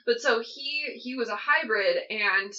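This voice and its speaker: A woman's voice: on the high side, measured pace, pushed and bright, muffled recording. A young woman co-hosting a podcast, chatting with enthusiasm and plenty of fillers. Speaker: podcast co-host. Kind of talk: casual chat.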